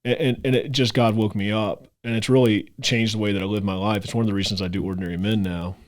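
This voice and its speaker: A male podcast host speaks in a heartfelt, grateful way, stumbling over repeated words as he goes. His voice sits a little low for a man. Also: fairly even intonation, quick pace. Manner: heartfelt, grateful, emotional, with stammered restarts. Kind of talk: casual interview chat.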